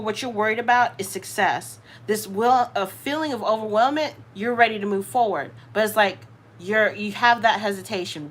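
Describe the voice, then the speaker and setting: A woman with a Southern US accent, hosting a live tarot reading. She talks in an animated, slangy way, straight to her viewers. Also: medium pitch. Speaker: tarot reader, channel host.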